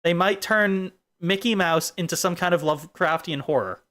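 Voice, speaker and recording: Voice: mid-range voice, moderate pace, fairly bright tone. A streamer in casual chat, rambling off into silly tangents.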